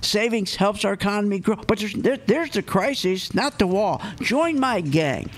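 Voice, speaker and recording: A man's voice: high voice, animated, moderate pace. A man hosting a talk radio show, ranting emphatically with rhetorical questions and repeated points. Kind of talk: opinionated talk radio monologue.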